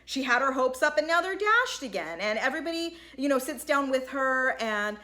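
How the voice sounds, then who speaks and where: Woman, high pitch, chatty vlog recapper; loose filler-heavy delivery, acts out the quotes. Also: sing-song, normal speed, pushed and bright. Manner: chatty, lots of "like" and "you know", acts out quotes. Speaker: recap vlogger. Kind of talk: casual recap commentary.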